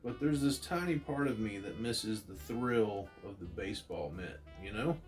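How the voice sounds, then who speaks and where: A man's voice: on the low side, moderate pace, faint music behind, natural voice. A man reading as an earnest young male hero.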